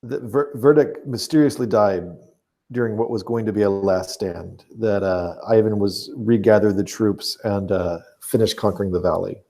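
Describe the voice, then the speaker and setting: Male game master, low-pitched, warm dark tone, measured narration with fillers. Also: steady tone.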